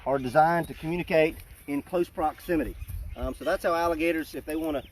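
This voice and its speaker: A man keeping alligators, explaining them in a relaxed, joking way during an outdoor feeding demonstration. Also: fairly high pitch, fast. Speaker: alligator park keeper. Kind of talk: casual live animal feeding demonstration. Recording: noisy outdoor recording.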